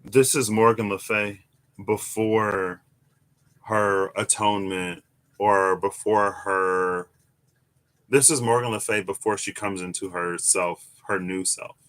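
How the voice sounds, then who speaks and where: A young man giving a casual, musing tarot reading, animated at times with sudden high exclamations. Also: slow. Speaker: tarot reader. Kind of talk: casual reflective monologue.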